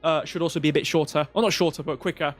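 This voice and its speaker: A man's voice: on the high side, fairly even intonation, racing, faint music behind. A man hosting a live crypto stream, talking through charts in a rambling, casual way with lots of fillers. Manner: rambling, filler-heavy, thinking aloud. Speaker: crypto livestream host.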